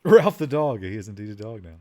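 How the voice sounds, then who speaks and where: A man's voice: fairly low pitch, sing-song, quick pace, darkish tone. A man co-hosting a text adventure stream, chatting casually and easygoing as he types in story prompts. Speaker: co-host typing into a text adventure game. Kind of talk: casual game chat.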